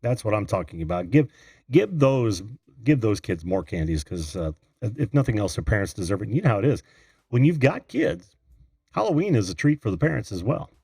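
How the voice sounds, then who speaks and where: A man's voice: fairly low pitch, very animated, brisk, vocal fry, dark tone, breathy edge, dry recording, studio quality. A man from Indiana hosting a live video call-in show, chatting casually, laughing often and greeting viewers by name. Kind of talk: casual live-stream chat.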